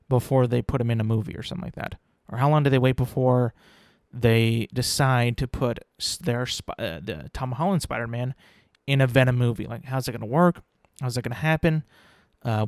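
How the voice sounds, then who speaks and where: A man's voice: mid-range voice, no echo. Man, young adult, solo podcast host, rambling, repeats himself, casual swearing, dry close sound.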